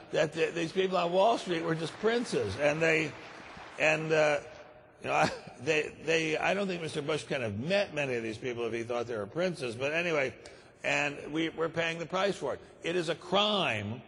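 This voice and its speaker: A man's voice: on the high side, fairly bright tone, big-room sound, slight background noise. Grave older man giving a speech. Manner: grave, emphatic, repeats words for stress. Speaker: conference speaker. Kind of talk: keynote speech. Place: large conference hall.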